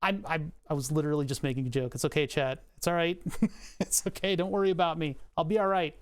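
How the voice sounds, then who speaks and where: A man's voice: fairly high pitch, fairly even intonation, fast, clean tone. Rambling, joking male streamer. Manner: rambling, joking asides to chat, self-mocking. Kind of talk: casual livestream chat while designing.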